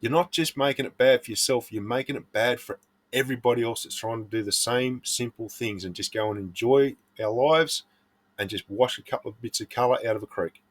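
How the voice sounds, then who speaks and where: A man's voice: medium pitch, brisk. A middle-aged Australian man, a prospecting vlogger, giving earnest, blunt advice in a casual monologue.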